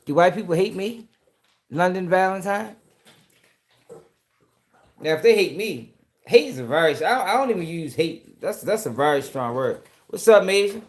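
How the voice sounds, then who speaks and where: A man's voice: high-pitched, lively intonation, moderate pace, pauses often, echoey room. A man from Baltimore with a Baltimore accent, hosting a casual live-stream commentary show, profane and answering chat comments directly.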